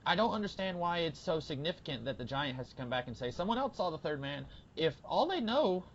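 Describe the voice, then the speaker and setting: A man co-hosting a podcast, chatting casually about a TV episode with lots of fillers and bursts of excitement. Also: on the high side, a little fast, muffled recording, slight background noise. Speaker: podcast co-host. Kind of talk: casual TV discussion.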